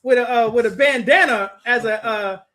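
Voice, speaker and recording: A man telling a story in casual chat, animated and laughing often, acting out what others said. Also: very high-pitched, normal speed. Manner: animated, laughing, acts out quotes. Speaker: group teacher.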